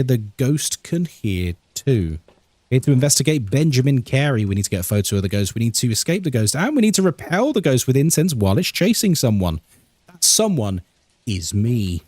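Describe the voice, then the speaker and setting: A man's voice: medium pitch, animated, a little fast, a little mellow, no room sound. A man from England chatting casually on a live game stream, reading out chat and laughing often.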